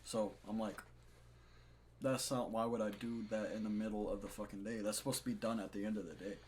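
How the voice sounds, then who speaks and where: A man's voice: on the low side, a little fast. A young man co-hosting a podcast, telling a story about his retail job in a casual, profane, laughing way. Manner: profane, laughing, animated retelling. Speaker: podcast co-host. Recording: faint background noise.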